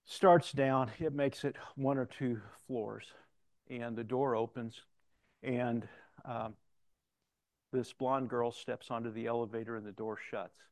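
An older male preacher delivers a sermon in an easygoing, conversational manner. He tells personal stories and cites scripture chapter and verse. His voice sits at a middle pitch and sounds dry and close, with little room sound. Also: steady tone, takes it slowly, no echo. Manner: conversational storytelling preacher, quotes scripture references.

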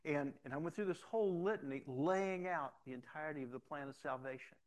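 Preacher cop guy telling stories, lively, acts out the voices, stumbles a bit on starts. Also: on the high side, fairly quick. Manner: animated storyteller, acts out quoted dialogue, repeats words when starting. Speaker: pastor and police officer. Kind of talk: storytelling testimony.

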